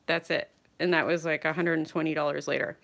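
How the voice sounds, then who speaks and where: A woman's voice: sits low, little pitch movement, fast talker, creaky, fairly bright tone. Chatty, self-deprecating woman in her thirties. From Canada. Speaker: vlogger. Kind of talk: casual live vlog chat. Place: home, moving between rooms.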